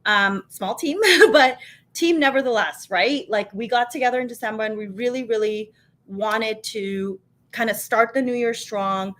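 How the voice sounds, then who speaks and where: Hosting a laid-back live stream from her own kitchen, this co-founder and live show host speaks at normal speed in a slightly high, a bit bright voice. Her talk is chatty and upbeat, peppered with fillers and restarts.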